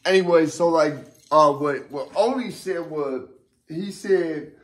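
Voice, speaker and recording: A man's voice: a little high, slow pace. A young man rambling through heated casual commentary, full of profane street slang, restarts and fillers, getting emphatic when riled up. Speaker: vlogger. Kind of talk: casual ranting commentary to camera.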